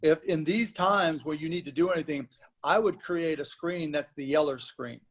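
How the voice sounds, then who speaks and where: A man speaking as a guest on a panel discussion, talking in an animated way and acting out rowdy moviegoers. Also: on the high side, normal speed. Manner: animated, acts out shouting moviegoers.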